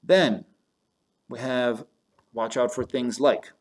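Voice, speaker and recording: A man's voice: mid-range voice, slow pace. A man teaching German grammar in a recorded lesson, going step by step between German and English phrases and talking to his students as "you guys".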